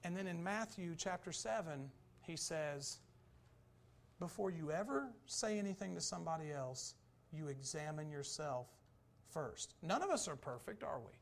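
A man preaching a sermon, swinging between loud, urgent emphasis and quiet, low asides. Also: expressive, moderate pace, gravelly.

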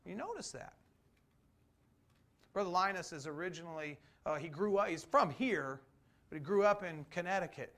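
A man preaching a conversational sermon, full of rhetorical questions, swinging between loud emphasis and slow, quiet stresses. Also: sits high, expressive. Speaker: pastor.

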